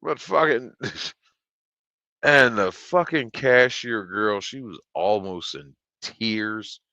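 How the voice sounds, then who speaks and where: A man streamer telling a story in a casual, profane, blunt and animated way. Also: on the low side, drawn-out words, no room sound, muffled recording.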